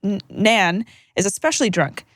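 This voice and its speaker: A woman co-hosting a podcast, reading listener stories aloud with joking, animated banter. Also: mid-range voice, moderate pace, no echo, studio quality. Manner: animated, joking, laughs mid-sentence. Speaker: podcast co-host.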